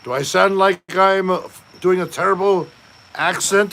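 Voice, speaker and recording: A man hosting a casual live stream, chatting slowly and joking while reading out viewer comments. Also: high voice, bright, forceful tone, a little hiss or hum. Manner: slow, joking, reads chat aloud. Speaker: livestream host.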